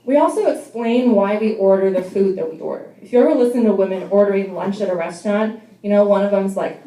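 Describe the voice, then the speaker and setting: A woman's voice: medium pitch, quick pace, hardly any pauses, dark tone, reverberant, low-quality recording. Wry, self-deprecating young woman comic. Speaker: stand-up comedian. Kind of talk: stand-up comedy set. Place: bar venue.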